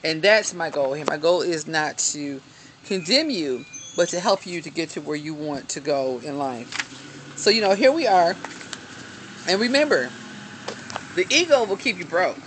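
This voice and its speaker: A woman's voice: low voice, animated, measured pace, a little hiss or hum. A woman giving an earnest, encouraging self-help talk to a hand-held camera, reading from a book with frequent ums and asides. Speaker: motivational self-help speaker. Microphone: self-filmed, camera held in hand at arm's length.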